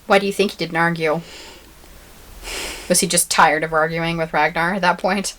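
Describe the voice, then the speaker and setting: A woman's voice: lowish voice, steady tone, moderate pace, fairly bright tone. An American woman co-hosting a podcast, chatting casually with a dry, teasing manner. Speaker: podcast co-host. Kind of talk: casual chat.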